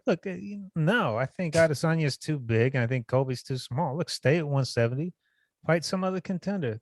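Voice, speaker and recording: A man co-hosting a casual fight-talk podcast, blunt and profane, getting animated when he mocks people. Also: mid-range voice, no room sound, clean studio sound. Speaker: podcast co-host. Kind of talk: casual chat.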